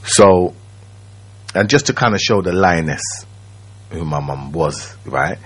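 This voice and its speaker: A man, telling his own story as a radio guest in a slow, reflective way, often checking that the listener follows. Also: sits low, animated, breathy edge. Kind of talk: personal storytelling. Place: radio studio.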